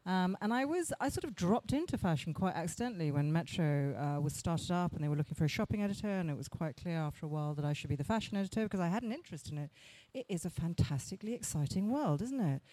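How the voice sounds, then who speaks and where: A woman's voice: on the low side, expressive, fast, hardly any pauses, mellow, a little hiss or hum. A woman speaking enthusiastically on a panel. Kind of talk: panel talk.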